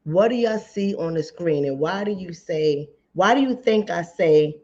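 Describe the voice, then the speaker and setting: A woman's voice: fairly low pitch, lively intonation, measured pace, hardly any pauses, a little mellow, muffled recording. A woman relationship coach, giving emphatic, repetitive commentary straight to her viewers. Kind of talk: casual commentary to camera.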